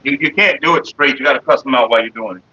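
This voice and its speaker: A man from Florida streaming casually from his computer desk, cussing and ranting loudly. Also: mid-range voice, rapid-fire, breathy edge. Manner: profane, cussing out bugs. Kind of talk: casual livestream rant. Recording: dull lo-fi stream audio.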